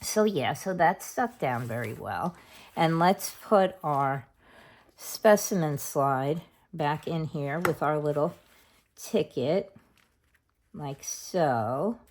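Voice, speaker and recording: A woman's voice: low-pitched, lively intonation, a little mellow. A middle-aged woman hosting a craft tutorial, chatting casually and thinking aloud as she works at her craft table. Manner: chatty, unhurried, thinks aloud while working. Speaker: craft channel host.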